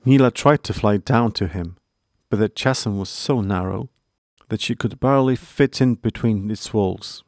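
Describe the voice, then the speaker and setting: A man narrating a storybook in a measured, earnest way. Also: on the low side, a little mellow, no room sound, clean studio sound.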